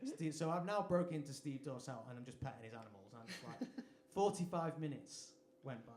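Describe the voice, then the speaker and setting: Chatty English singer-songwriter telling stories. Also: male voice, mid-range voice, expressive, a little fast, darkish tone, a little hiss or hum. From England. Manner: chatty, self-deprecating anecdote telling. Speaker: singer-songwriter performing live. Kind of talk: onstage storytelling between songs. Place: live music venue stage. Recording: echoey live venue sound.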